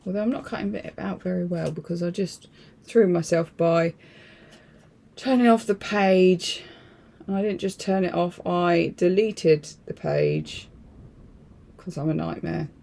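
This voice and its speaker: A woman's voice: lowish voice, unhurried, gravelly, mellow. A woman hosting a casual crafting livestream, rambling and thinking aloud in a chatty, self-deprecating way.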